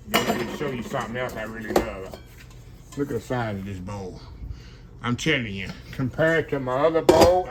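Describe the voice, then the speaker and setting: A man's voice: mid-range voice, background noise. A man hosting a casual kitchen vlog, chatting to viewers as y'all while demonstrating a stand mixer, laughing often. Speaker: cooking channel host reviewing a stand mixer. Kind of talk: casual product demo vlog. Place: home kitchen.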